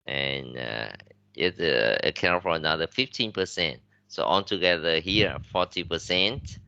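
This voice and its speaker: A man's voice: low voice, unhurried, vocal fry, bright, forceful tone, smooth, no room sound, highs cut off. A man with a Vietnamese accent giving a classroom lecture as an English teacher, switching between English and Vietnamese with many fillers and restarts.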